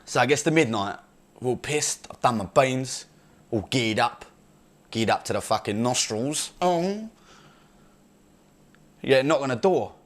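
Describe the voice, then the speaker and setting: A man's voice: mid-range voice, animated, a little slow, long pauses, natural voice. A man doing a brash crude Essex chav. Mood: mocking. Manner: boastful, crude, rambling with slang. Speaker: comedy character. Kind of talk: improvised character monologue.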